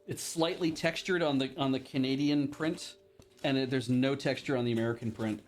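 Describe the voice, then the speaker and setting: A man of ordinary pitch chats loosely to his livestream audience as he sorts through a game collection. He wanders from thought to thought, mocks his own clumsiness and lets a curse slip now and then. Faint music plays underneath. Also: steady tone, brisk. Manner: rambling, self-mocking, swears casually. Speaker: livestream host. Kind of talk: casual chat while unboxing and playing games.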